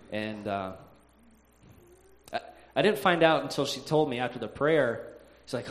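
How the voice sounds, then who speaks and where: A man telling a personal faith story in a halting way, with frequent "uh"s, sighs and restarts. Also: medium pitch.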